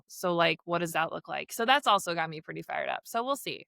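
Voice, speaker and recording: A woman's voice: fairly low pitch, fairly quick, vocal fry, few pauses, pushed and bright, no echo. A woman in her thirties, a podcast guest and speaker, chatting casually, laughing often and quoting herself. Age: 30s. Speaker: podcast guest, teen mental health speaker. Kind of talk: casual interview chat.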